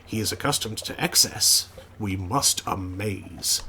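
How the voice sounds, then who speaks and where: A man's voice: lowish voice, unhurried, pushed and bright, slight background noise, voice pushed down, heavily acted. A man voicing an eager, bandaged male ship's chef, reading his lines from a game with earnest grandeur. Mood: grandly earnest. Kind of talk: game text read aloud.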